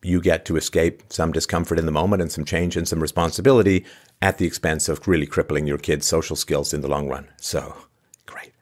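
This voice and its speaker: A man's voice: very deep voice, fairly even intonation, fairly quick, darkish tone. A man hosting a commentary show, delivering a sarcastic monologue full of incredulous rhetorical questions and frequent sighs. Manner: sighs often. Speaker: podcast host.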